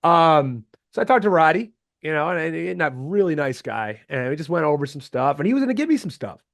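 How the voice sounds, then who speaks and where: A man guesting on a podcast, telling stories in a casual, animated way, often acting out what others said and laughing. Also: a little high, a little fast, no room sound, studio quality. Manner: animated, acts out quotes in changed voices. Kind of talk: casual storytelling interview.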